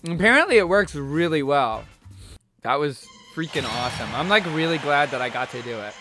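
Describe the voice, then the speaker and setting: A man hosting a casual vlog, talking excitably and directly to his viewers. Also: fairly high pitch, a little fast. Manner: excitable, talks straight to viewers. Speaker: streamer and video host. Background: background music.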